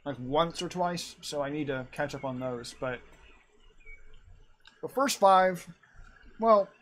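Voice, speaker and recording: A man with a slightly high voice chats casually at his desk mic while streaming his art. He rambles, second-guesses himself, and talks between bites of food. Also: animated, slow, slight background noise. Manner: rambling, self-correcting, eating while talking. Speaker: art livestream host. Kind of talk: casual chat with stream viewers.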